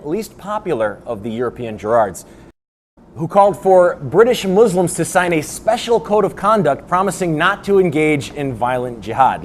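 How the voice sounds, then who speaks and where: A man's voice: fairly high pitch, a little hiss or hum. A man hosting a satirical news show, delivering a sarcastic monologue and laughing at his own jokes. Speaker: host.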